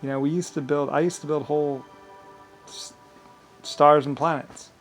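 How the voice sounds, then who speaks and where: A man's voice: on the high side, steady tone, normal speed, faint music behind. A man vlogging in a rambling, profane monologue, full of grand claims and frequent laughter.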